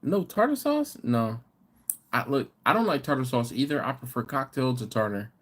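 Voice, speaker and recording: A man's voice: medium pitch, moderate pace, fairly bright tone, breathy edge. A man from the United States hosting a live barbecue stream, chatting casually, reading out viewer comments and telling rambling stories. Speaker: host of a live barbecue channel.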